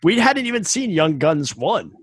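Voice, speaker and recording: A man's voice: fairly high pitch, sing-song, normal speed, husky. A man hosting a casual podcast chat and running a trivia game, joking and laughing often.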